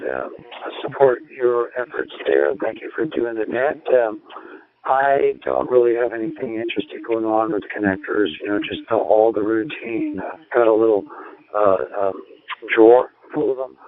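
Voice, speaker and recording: A man's voice: medium pitch, a little slow. A man checking in to an amateur radio net, easygoing and hesitant. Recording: narrow radio from far off.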